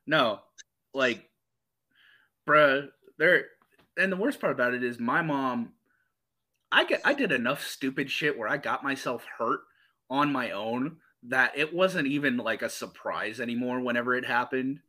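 A man with a bright, forceful voice spins profane, animated stories in a loose podcast chat. He talks as the host, full of swearing and energy. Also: mid-range voice, a little slow. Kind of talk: casual storytelling chat.

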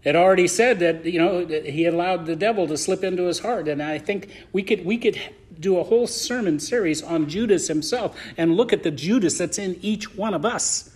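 A man preaching as pastor of a church, swinging between loud emphasis and soft asides as he reads and explains scripture. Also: sits high, normal speed. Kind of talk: sermon.

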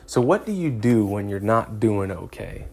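A man's voice: on the low side, big pitch swings, normal speed, gravelly, a little mellow. A man hosting a faith podcast, preaching in an emphatic way, repeating phrases and chuckling as he goes. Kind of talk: sermon-style podcast talk.

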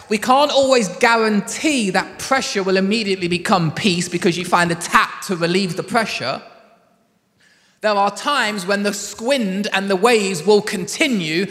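A male pastor preaches in a loose, chatty storytelling way and breaks into laughter often. His voice sits high for a man. A long reverb trails each phrase, as in a large room. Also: a bit bright. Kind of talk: sermon.

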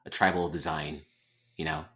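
A man co-hosting a podcast in casual chat, halting and repeating words, with dry jokes. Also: rumbling low, flat delivery, a bit bright. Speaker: podcast co-host.

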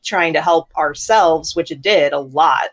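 A woman's voice: low voice, unhurried. A young woman, an author and podcast co-host, speaking hesitantly in an interview with many fillers. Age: young adult. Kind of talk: candid conversational interview.

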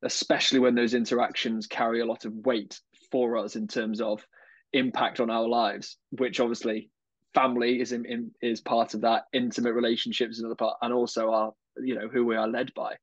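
Flat-voiced man, thoughtful coach. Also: mid-range voice, brisk, no room sound. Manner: thoughtful, repeats words while finding phrasing. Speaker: guest, coach. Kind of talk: conversational podcast interview. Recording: dull, slightly lo-fi dry sound.

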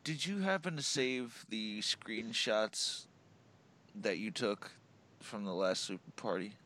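A man's voice: on the low side, slow pace, sharp tone. A man bantering on a casual podcast, blunt and profane.

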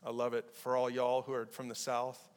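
A man preaching a casual, animated youth sermon, acting out the people in the story in quick voices. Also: mid-range voice, clean tone. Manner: animated, acts out quoted voices. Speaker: pastor. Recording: hall reverb.

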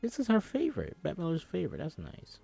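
A man's voice: on the high side, wildly swooping pitch, quick pace, gravelly, dark tone, husky, faint music behind. A man reads a film script aloud and breaks off for jokey, swearing asides, acting out the characters' lines as he goes.

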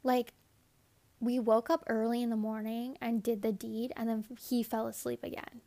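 A young woman telling a story straight to camera, casual and unfiltered. Her voice sits a bit high and carries plenty of vocal fry. She keeps dropping into quoted inner monologue and fills her talk with "like". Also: level tone, moderate pace, mellow. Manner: candid, profane, rambling with many "like"s; acts out her own inner thoughts in quotes.

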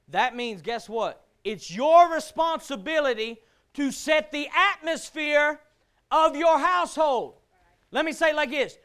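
A man preaching a sermon, building to shouts and firing rhetorical questions. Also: very high-pitched.

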